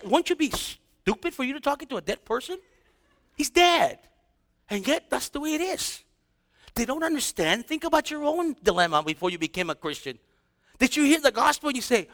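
A male pastor preaching with a high, very lively voice that leaps up and down. His tone is bright and his delivery is casual and animated, full of slang and acted-out quotes. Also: normal speed, long reverb tail. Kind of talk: sermon.

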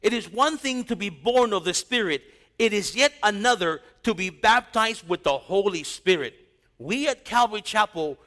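Middle-aged male pastor, higher-pitched, animated storyteller who drops into hushed tones. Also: big-room sound. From East Los Angeles. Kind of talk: sermon.

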